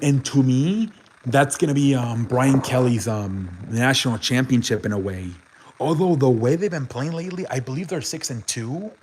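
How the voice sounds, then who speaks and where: A man chatting loosely on a sports stream, reading viewer messages aloud and swearing freely. His voice sits at an ordinary middle pitch, with trailing restarts and filler between thoughts. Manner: rambling, swears often, reads chat aloud. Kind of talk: casual live-stream sports talk.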